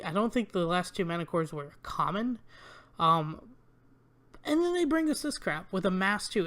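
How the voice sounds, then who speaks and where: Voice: medium pitch, fairly bright tone. A channel host reviewing new trading card spoilers in a casual, rambling way, with many ums and uhs, reading card text aloud and grumbling about weak cards.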